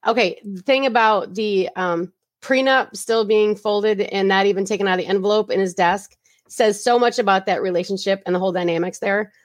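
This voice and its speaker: A woman's voice: mid-range voice, steady tone, a little fast, no room sound. Woman gushing about a story. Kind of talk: casual chat.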